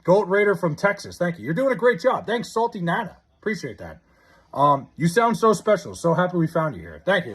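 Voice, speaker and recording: A young man live-streaming, chatting casually and reading out viewer comments, excitable and stammering with frequent restarts. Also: sits high, fairly quick, slightly rough.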